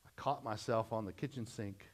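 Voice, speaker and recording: Middle-aged man, pastor giving a sermon; lower voice, folksy testimony, dynamic swings. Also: normal speed. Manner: folksy storytelling testimony, swings from loud to hushed.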